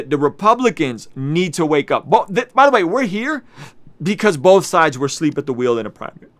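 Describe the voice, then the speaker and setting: A man's voice: on the high side, fairly bright tone, clean tone. A man hosting a live reaction stream, talking casually and directly to his viewers, often restarting his sentences. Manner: chatty, restarts and repeats himself, addresses viewers directly. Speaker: YouTube host.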